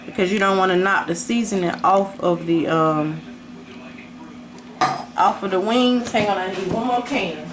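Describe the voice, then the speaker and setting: Amid the clanging of dishes and pans in a busy kitchen, a home cook gives a laid-back, chatty demonstration of a recipe. Her voice is medium in pitch and her delivery a bit slow.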